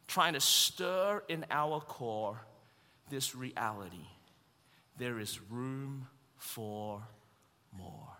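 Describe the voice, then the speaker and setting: A man preaches with a high, bright voice that rings out in a long-reverb hall. He mixes humour into the sermon and builds to shouted emphasis.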